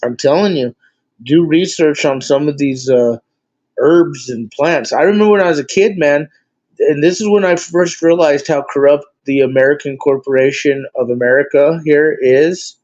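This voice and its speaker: A man's voice: fairly high pitch, moderate pace, darkish tone. Rambling man on a dull lo-fi line. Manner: rambling, many fillers, blunt swearing. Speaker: host. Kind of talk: casual chat. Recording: dull lo-fi sound.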